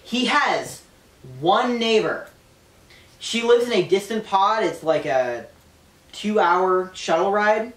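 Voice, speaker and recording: A woman casually retelling a novel's plot to friends, animated, with frequent swearing and laughter. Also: medium pitch, slow pace, recorded from a distance. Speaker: podcast co-host retelling a novel. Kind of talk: casual storytelling chat. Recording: roomy, off-mic.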